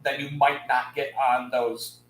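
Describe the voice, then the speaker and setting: A man on a live stream telling a story in a casual, animated rant, swearing and laughing. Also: medium pitch, unhurried, roomy sound, rough recording. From Houston area, United States.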